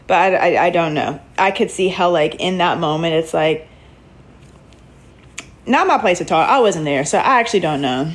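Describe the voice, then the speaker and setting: A woman's voice: fairly low pitch, moderate pace, low-quality recording. A woman chatting casually to her viewers on a livestream while she reacts to a TV show, laughing often.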